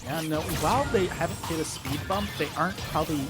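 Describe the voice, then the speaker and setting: A man doing play-by-play commentary on an esports match, excitable, with his voice jumping up on big plays. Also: fairly high pitch, fast, loud music behind the voice. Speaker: esports caster.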